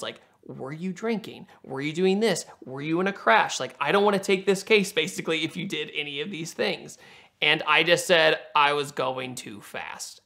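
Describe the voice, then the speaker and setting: A young man from Virginia telling a car story in a casual, animated way, laughing and acting out the quotes. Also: on the high side, vocal fry.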